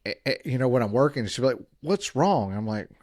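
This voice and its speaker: A man's voice: medium pitch, very fast, dry recording, clean studio sound. A man co-hosting a podcast in casual chat, rambling and self-deprecating with many restarts, speaking at a mic stand. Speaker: podcast co-host. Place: home studio at a mic stand.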